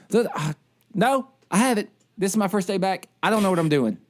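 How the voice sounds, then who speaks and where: Male podcast co-host, worked-up storyteller with a higher-than-usual voice. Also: a little fast. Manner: animated ranting storyteller. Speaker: military service member. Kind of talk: casual podcast chat.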